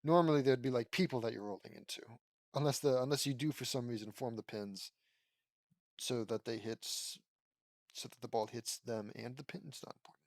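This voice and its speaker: A man's voice: mid-range voice, fairly even intonation, a little fast, dry recording. A man reading fan fiction aloud and breaking in with sarcastic, swearing commentary. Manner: sarcastic, swears freely, laughs at the text. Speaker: audiobook reader.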